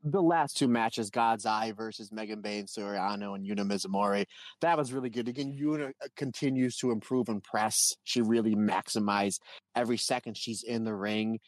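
A man co-hosting a wrestling podcast in casual chat, an animated storyteller who acts out voices in his anecdotes. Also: lowish voice, moderate pace, no room sound. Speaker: podcast co-host.

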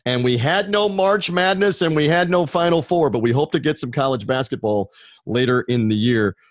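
A man's voice: a little high, normal speed, no room sound, studio quality. A man hosting a sports betting podcast over a video call, plugging shows and guests in an upbeat, promo-heavy way. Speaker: podcast host.

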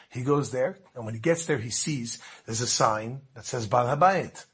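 A man casually telling a religious story in a lively way, full of restarts and asides. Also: medium pitch, moderate pace, hardly any pauses, husky.

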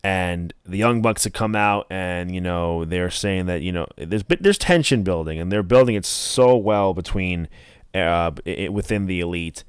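A man's voice: deep voice, normal speed, clean tone, dry recording, studio quality. A young man casually reviewing wrestling as a podcast host, rambling with many fillers and acting out quotes.

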